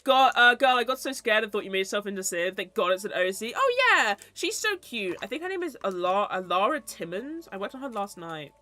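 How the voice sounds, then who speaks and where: A woman's voice: medium pitch, animated, fairly quick, hardly any pauses, sharp tone, no room sound, faint music behind. A young woman streamer who chats casually and rambles, with easy swearing. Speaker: VTuber streamer.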